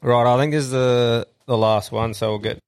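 A man hosting a podcast in casual, crude chat, laid-back and quick to laugh. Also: mid-range voice, steady tone, a little mellow, clean tone. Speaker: podcast host.

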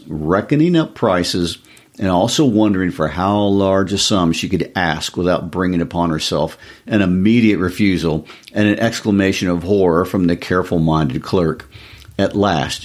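Deep-voiced man reading a story. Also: lively intonation, normal speed. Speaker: story reader. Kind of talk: reading a short story aloud.

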